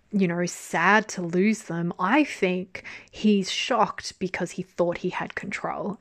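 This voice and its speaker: A woman's voice: lowish voice, dry recording. A young woman chatting casually through a review, laughing often and swearing freely as she talks. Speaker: drama reviewer.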